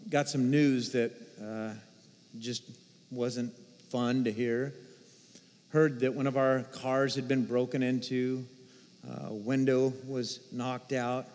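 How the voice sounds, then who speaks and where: A man preaching a sermon as pastor, telling a personal story with animated swings between hushed and excited delivery. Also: mid-range voice. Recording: reverberant hall.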